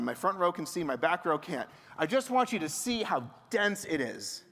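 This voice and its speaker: A man, a rabbi, giving a sermon in a lively, conversational way with rhetorical questions to the congregation. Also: sits high. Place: large sanctuary. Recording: long hall reverb.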